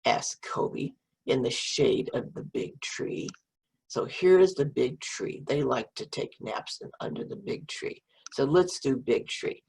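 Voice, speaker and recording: A woman's voice: very deep voice, creaky, husky. A middle-aged woman reading a picture book to children and coaxing them to repeat French words.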